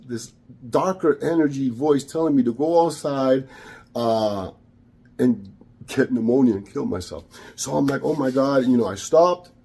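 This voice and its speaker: A man's voice: mid-range voice, mellow, husky. A man, a spiritual practitioner telling a personal story, hesitant and repeating words, with Spanish phrases mixed in. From Caribbean.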